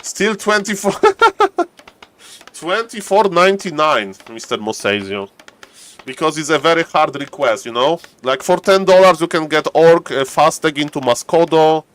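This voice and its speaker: A man with a non-native English accent giving casual, joking live-stream commentary on a strategy game, getting loud and excited at key plays. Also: fairly high pitch, unhurried. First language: not English. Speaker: game caster.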